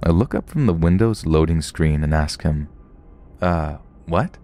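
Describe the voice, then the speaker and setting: A man's voice: very deep voice, moderate pace, warm tone. A man narrating true horror stories in a scripted storytelling way. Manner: storytelling, puts on short voices for quoted people.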